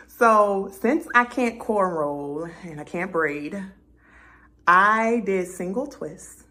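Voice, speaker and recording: A young woman vlogging casually, telling a story and acting out her own conversations in an animated way. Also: mid-range voice, slow.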